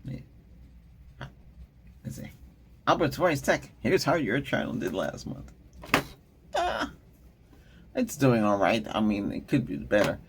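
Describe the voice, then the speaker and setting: A man's voice: medium pitch, very animated, slow pace, pauses often, noisy background. A middle-aged man hosting a tech channel, chatting casually and rambling, often laughing and trailing off mid-thought. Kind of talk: casual rambling vlog chat.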